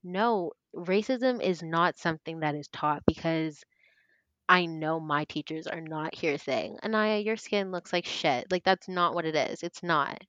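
A young woman in her twenties, a podcast guest telling her story in casual chat, earnest and animated, acting out what others said. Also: low-pitched, measured pace, no echo, muffled recording. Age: 20s. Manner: earnest, animated, acts out quoted voices.

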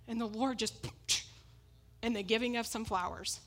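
A woman's voice: a little high, steady tone, moderate pace, long pauses. A woman preaching a sermon, emphatic and repetitive, often breaking into laughs as she makes her points.

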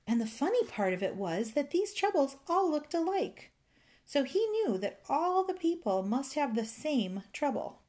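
A woman reading a children's fairy tale aloud in a gentle, rhythmic way, savoring its repetitions. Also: high-pitched, big pitch swings, a little slow. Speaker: storyteller.

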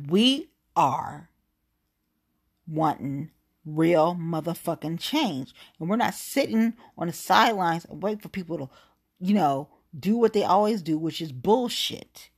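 A woman's voice: on the low side, slightly rough. A woman delivering a blunt, heated political rant, swearing constantly.

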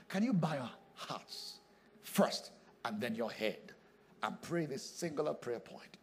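A man, a pastor, preaching a sermon with emphatic delivery that swings from hushed words to loud calls. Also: a little high, sing-song, normal speed, breathy edge.

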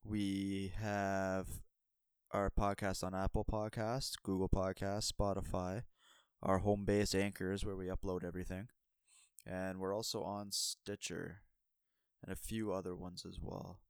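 A man, the podcast host, giving a relaxed episode outro with many fillers. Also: sits low, unhurried, smooth, no echo.

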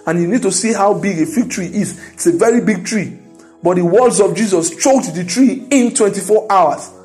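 A man preaching a sermon, emphatic and building to loud declarations. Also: high voice, normal speed, soft background music.

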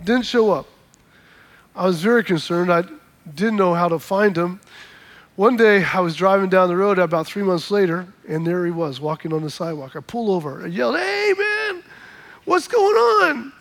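A man's voice: high-pitched, normal speed. A man preaching a sermon, telling a story and acting out the dialogue, and calling on the congregation to repeat words back. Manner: animated storyteller, acts out dialogue, calls for congregation responses. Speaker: pastor.

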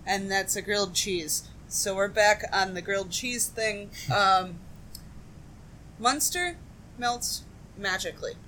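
A woman from the Midwest, co-hosting a podcast, telling stories in a casual, profane, animated way. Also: mid-range voice, takes it slowly, a little hiss or hum. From American Midwest. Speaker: podcast co-host. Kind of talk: casual chat.

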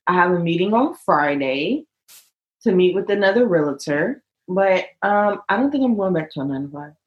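A woman tells stories on a casual podcast. Her voice swings widely in pitch as she jokes and builds up her news. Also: moderate pace, reverberant, muffled recording. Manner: animated, joking storyteller. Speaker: podcast co-host. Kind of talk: casual chat.

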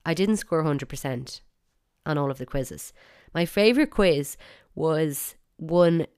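Low and somewhat dark, this woman's voice comes through cleanly. She has an Irish accent and hosts a solo podcast, chatting wryly and breaking into occasional bursts of mock outrage.

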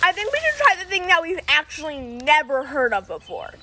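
A young woman chatting excitedly while taste-testing snacks in a backyard, laughing and squealing. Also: high voice, a little fast. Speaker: co-host. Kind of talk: casual chat taste test. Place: outdoors in a backyard. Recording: outdoor noise, birds. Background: birds and wrapper crinkling.

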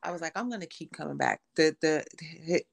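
A woman's voice: sits low, animated, brisk, creaky. A woman guest on a podcast, telling a personal story of faith and illness in conversation and acting out the voices of the people in it. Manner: storytelling, acts out quoted voices.

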